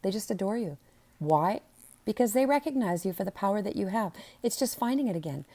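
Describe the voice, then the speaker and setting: A woman's voice: mid-range voice, lively intonation, fairly quick, warm tone. A woman teaching a spiritual webinar, talking to the viewer in a soothing, earnest and emphatic way.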